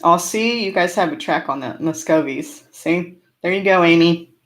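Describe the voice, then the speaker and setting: A woman's voice: lowish voice, moderate pace. A woman from California with a slight rural twang, hosting a casual live-stream Q&A and answering chat in a chatty, upbeat way with frequent laughs. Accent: slight rural American twang. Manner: chatty and upbeat, laughs often between remarks. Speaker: homesteading channel host.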